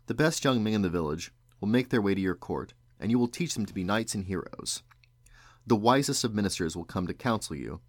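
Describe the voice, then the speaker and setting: A man's voice: on the low side, expressive, dry recording. A man reading aloud and voicing a grown male magician, wry and rueful, in a storybook. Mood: teasing. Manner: brisk and sharp, then wistful.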